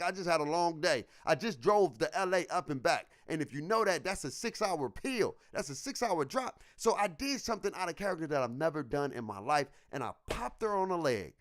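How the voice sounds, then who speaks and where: A young man on a podcast, telling a story in casual slang and acting out what people said. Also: high-pitched. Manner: animated, slangy, acts out quotes. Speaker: podcast co-host.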